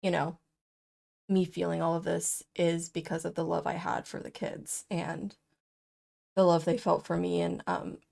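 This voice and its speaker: Gravelly-voiced woman rambling in a vlog. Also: fairly low pitch, little pitch movement, a little slow, darkish tone. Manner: rambling, filler-heavy, openly emotional. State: tearful, crying. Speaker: vlogger. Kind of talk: unedited personal vlog talk.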